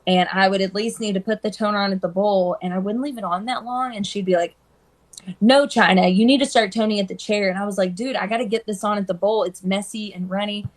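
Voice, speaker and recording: A woman hairstylist chatting casually on a live stream, telling animated stories and acting out the people she quotes. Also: mid-range voice, fast, hardly any pauses. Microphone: phone.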